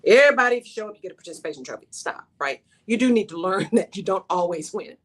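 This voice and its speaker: A woman holds forth on her talk radio show, pressing each point home and circling back to her key phrases. Her pitch sits in the middle for a woman. She keeps tossing in a quick "right?" to pull the listener along. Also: lively intonation, fairly bright tone. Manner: emphatic, repeats key phrases, asks "right?".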